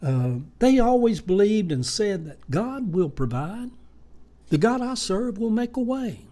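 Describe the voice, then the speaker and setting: A man's voice: high voice, very animated, measured pace, warm tone. Folksy older man, rambling. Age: 70s. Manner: rambling, folksy storytelling with many fillers. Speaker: vlogger. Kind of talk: casual monologue.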